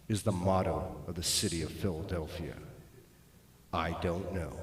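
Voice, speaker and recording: A middle-aged man doing stand-up, telling self-deprecating stories that swing between loud bursts and muttered asides. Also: mid-range voice. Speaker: stand-up comedian. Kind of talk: stand-up comedy storytelling. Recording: roomy echo.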